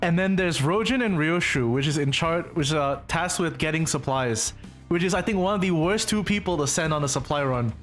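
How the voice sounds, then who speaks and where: A man streaming, recapping a game story in casual chat, rambling and halting. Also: on the high side, faint music behind. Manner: rambling, halting, lots of fillers.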